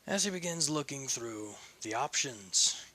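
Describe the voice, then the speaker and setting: Slow-telling bright-voiced man narrator. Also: mid-range voice, lively intonation. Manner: slow, ad-libbed storytelling with hums and restarts. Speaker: fan fiction narrator. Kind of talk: improvised story narration.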